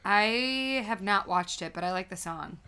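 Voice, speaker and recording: A woman's voice: medium pitch, a little slow, sharp tone, smooth. A woman co-hosting a horror podcast in casual chat, jokey and emotional, swearing freely. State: tearing up. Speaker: podcast co-host.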